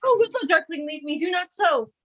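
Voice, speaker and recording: A woman playing a young woman, spurned in love, in a Shakespeare reading, with a plaintive and lively delivery. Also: extremely high pitch, brisk, highs cut off. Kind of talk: Shakespeare stage reading over video call.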